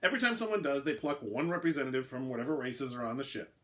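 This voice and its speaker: A man's voice: medium pitch, fast, bright, forceful tone, natural voice. A man voicing a brash, sarcastic male alien who announces a game, talking in a flippant, impatient way.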